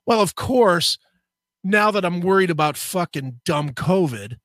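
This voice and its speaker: A man with a bright, forceful voice rambles through a story in casual chat, cursing constantly and winding himself up as he goes. His voice sits a little high for a man. The mic sound is close and dry. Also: unhurried, no room sound. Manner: profane, animated storyteller. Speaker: co-host.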